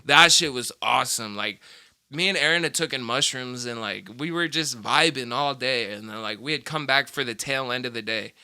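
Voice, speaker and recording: A man's voice: mid-range voice, moderate pace, sharp tone, smooth, no room sound. A young man hosting a casual podcast, telling loose, profane stories packed with "like" and "fucking". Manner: rambling, profane storytelling full of "like". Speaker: podcast host; machinist. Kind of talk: casual chat.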